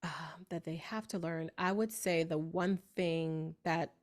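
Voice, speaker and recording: A woman in her thirties from New York with a New York accent, a beauty industry coach telling lively stories in a podcast interview. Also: lowish voice, a little slow. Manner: animated storyteller, acts out voices.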